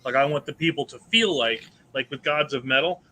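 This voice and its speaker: A man's voice: mid-range voice, brisk, bright, forceful tone, a little hiss or hum, rough recording. A man who designs indie games chats eagerly in a convention panel, rambling with many restarts. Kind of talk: casual convention panel chat.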